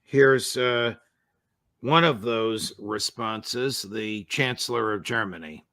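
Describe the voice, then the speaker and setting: A man hosting an interview show, speaking in a measured way and sometimes stumbling over his words. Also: lowish voice, a bit bright, no echo. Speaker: show host. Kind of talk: interview, conversational.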